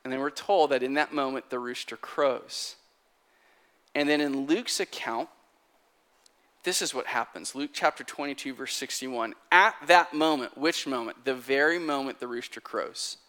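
Bright-voiced animated preacher man. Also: mid-range voice, normal speed. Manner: animated storytelling, conversational. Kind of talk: sermon.

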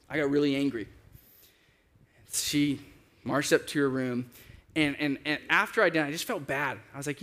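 A man preaching a sermon as a pastor, conversational and lively, acting out the voices he quotes. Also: normal speed. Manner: conversational, acts out quoted voices with big pitch jumps.

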